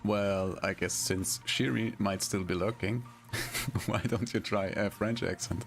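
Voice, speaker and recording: Low-voiced man chatting on a stream. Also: fairly even intonation, measured pace, vocal fry. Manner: laughs often, chatty, hesitant fillers. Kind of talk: casual live-stream chat. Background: music.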